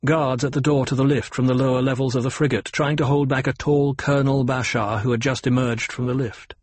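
A man narrating an audiobook in a measured way, slowing on descriptions. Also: medium pitch, steady tone, no echo. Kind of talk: scripted narration.

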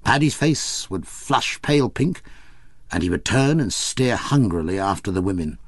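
Lively, low-voiced male narrator. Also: moderate pace, breathy edge, dry recording. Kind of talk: audiobook narration.

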